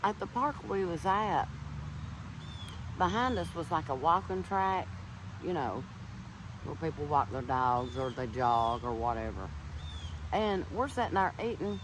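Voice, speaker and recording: A man's voice: fairly high pitch, lively intonation, a little slow, long pauses, background noise. A man earnestly telling viewers a personal ghost story and insisting it is true. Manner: earnest, insistent, swears to be truthful.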